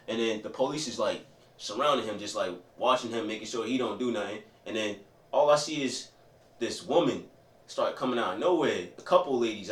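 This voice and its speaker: A young man telling a candid story about his childhood, rambling, repeating himself and often asking "you know what I mean". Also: fairly low pitch. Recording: roomy echo, voice from a distance, faint ambient noise.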